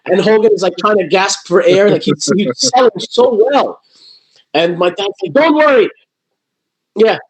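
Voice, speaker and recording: A man's voice: high voice, normal speed, low-quality recording. A man telling stories as a guest in a casual interview, rambling with many restarts and fillers. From New Jersey. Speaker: guest, wrestling promotion owner.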